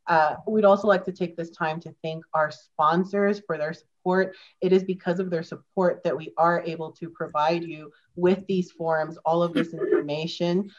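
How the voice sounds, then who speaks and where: A woman's voice: fairly low pitch, steady tone, normal speed, few pauses. A woman moderating an online forum, politely reading announcements and sponsor lists. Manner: polite, reads lists steadily. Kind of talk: scripted announcements. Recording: dull lo-fi video call audio.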